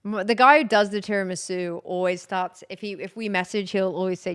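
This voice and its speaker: A woman's voice: mid-range voice, fairly even intonation, brisk, hardly any pauses, fairly bright tone, clean tone, no echo, clean studio sound. A young woman chatting casually on a live stream, rambling and giggly.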